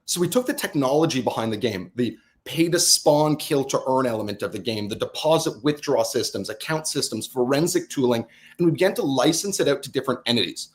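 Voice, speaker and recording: A man, a game studio founder from Canada, explaining his business on a casual podcast, animated and a bit boastful. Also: medium pitch. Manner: animated, quick to laugh, boastful.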